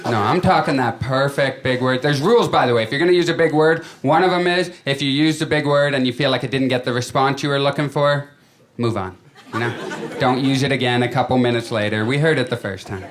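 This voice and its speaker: A man's voice: medium pitch, a little fast, hardly any pauses. Male stand-up comedian, conversational storyteller, mid-range voice, live crowd laughing behind. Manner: conversational storytelling with acted-out quotes. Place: comedy stage before a live audience.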